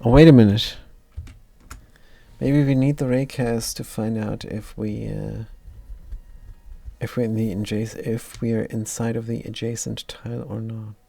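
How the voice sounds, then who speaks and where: A man's voice: lowish voice, little pitch movement, a little slow, vocal fry, pauses often, dark tone, dry recording. A man streaming live, talking through his code as he works and mumbling his thoughts aloud, often trailing off. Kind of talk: live coding commentary.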